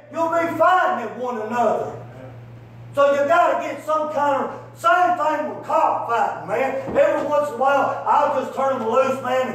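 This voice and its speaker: A male evangelist preaching through folksy stories, rambling and peppering his talk with "man" and "buddy". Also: very high-pitched. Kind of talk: sermon with storytelling. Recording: echoey hall from far off, faint hum.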